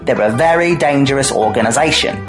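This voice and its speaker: A man's voice: mid-range voice, animated, a little fast, over music. A man hosting a satirical radio comedy hour, reading a scripted intro with dry, wry banter.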